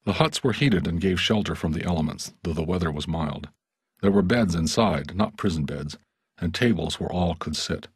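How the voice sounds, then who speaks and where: A man reads an audiobook in a somber, steady manner. His voice is very deep and strongly husky, recorded dry and close. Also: normal speed, dry recording. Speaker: audiobook narrator. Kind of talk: scripted audiobook narration.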